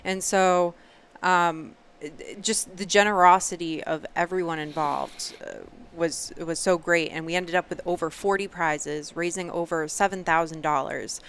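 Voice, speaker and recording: A woman's voice: on the low side, steady tone, normal speed, fairly bright tone, clear, resonant tone. A woman co-hosting a podcast in casual chat, talking freely with frequent ums. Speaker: podcast co-host.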